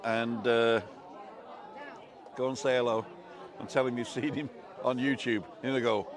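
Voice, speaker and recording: A man's voice: medium pitch, little pitch movement, measured pace. A man hosting a casual live stream from an outdoor bar terrace, chatting and reading out viewer comments. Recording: busy outdoor bar crowd.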